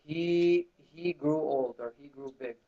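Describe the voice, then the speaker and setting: Speaking slowly in a warm, somewhat high voice, a man teaches beginner Arabic in a classroom. He leads the students in call-and-response drills, and the classroom audio sounds muffled and lo-fi.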